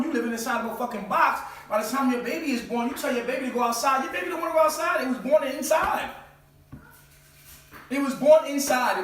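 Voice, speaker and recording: A man's voice: high voice, a bit bright, slight background noise. A man hosting his own channel, giving a profane, preachy lecture full of rhetorical questions. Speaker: channel host. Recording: very echoey room, far from mic.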